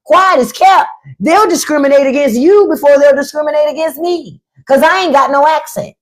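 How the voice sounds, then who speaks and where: A woman hosting an unscripted livestream who speaks bluntly and sarcastically and swears freely. Her voice sits on the high side and swoops widely up and down. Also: expressive, brisk. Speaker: livestream and podcast host.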